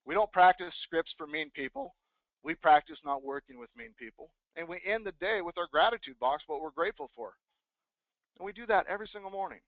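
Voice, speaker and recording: A man giving an energetic motivational sales talk to real estate agents, acting out sample phone scripts. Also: high voice, fairly quick, creaky, no echo. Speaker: real estate team leader and speaker. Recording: dry, phone-like thin sound.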